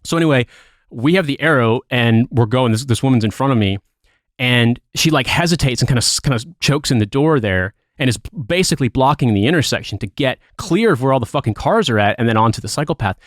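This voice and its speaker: Profane, animated American podcast host. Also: male voice, medium pitch, quick pace, dry recording, studio quality. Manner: profane, animated storytelling with rants. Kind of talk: casual chat.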